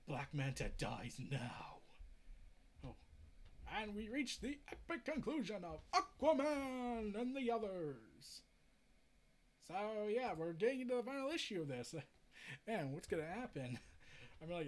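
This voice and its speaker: A man giving a casual, joking recap of a comic, talking in an animated way. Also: normal speed. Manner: animated, joking, lots of pitch swings. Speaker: comic reviewer.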